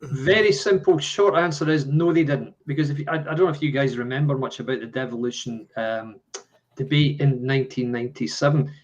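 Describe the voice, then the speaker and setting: A man's voice: mid-range voice, fairly quick, dull audio. A man co-hosting a live political talk show, who explains things and agrees readily. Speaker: co-host.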